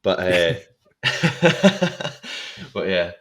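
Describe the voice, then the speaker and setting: Young Scottish guy, deep voice, laid-back, laughs a lot, podcast guest. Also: sing-song, drawn-out words, fairly bright tone. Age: 20s. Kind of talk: casual chat.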